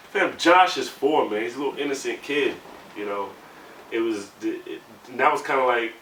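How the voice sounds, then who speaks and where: A navy sailor in his 30s, interviewed, tells his story candidly in a bright, medium-pitched voice. He's conversational but grows heated when recounting events, with many "you know" fillers. The room is echoey, the mic distant, and a faint hum runs underneath.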